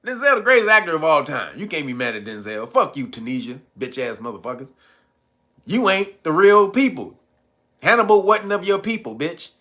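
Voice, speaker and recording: Male podcast host, high bright voice, profane rant broken by frequent laughs. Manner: laughs often, animated and mocking. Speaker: podcast host reading live chat. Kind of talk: casual profane commentary.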